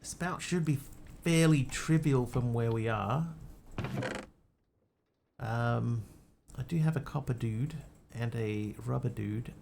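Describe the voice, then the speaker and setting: A man's voice: mid-range voice, takes it slowly, vocal fry, background noise. A man streaming a video game live, chatting casually and thinking aloud in muttered asides. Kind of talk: casual live gameplay commentary.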